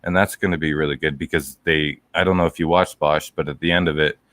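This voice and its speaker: A man's voice: very deep voice, steady tone, fast, fairly bright tone, dry recording, studio quality. A man co-hosting a casual podcast chat, rambling with lots of fillers. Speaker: podcast co-host.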